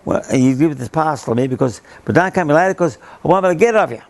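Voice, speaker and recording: A man's voice: a little high, lively intonation, very fast, darkish tone, no room sound. An older Australian man, a former sailor, rambles through an oral history story, repeating himself and acting out the voices he quotes.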